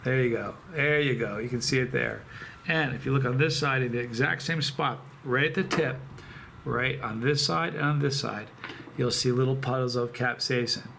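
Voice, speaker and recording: A man hosting a chili pepper channel, talking casually to camera in a rambling, halting, emotional way with many restarts. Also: mid-range voice, creaky, fairly bright tone, a little hiss or hum. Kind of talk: casual vlog talk to camera.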